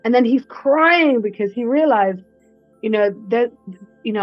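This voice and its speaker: A woman breathwork instructor chats as an interview guest, telling animated stories and slipping into quoted voices. The recording is dull and lo-fi, with a dry, close sound and faint music behind her. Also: fairly high pitch, unhurried, no room sound. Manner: animated storyteller who acts out quotes. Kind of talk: casual interview chat.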